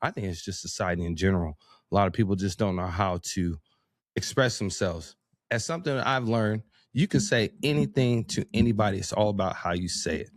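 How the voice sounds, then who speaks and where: A man chatting as a podcast guest, telling animated stories, acting out quotes and laughing often. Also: on the low side, fairly quick, no echo, clean studio sound. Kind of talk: casual conversation.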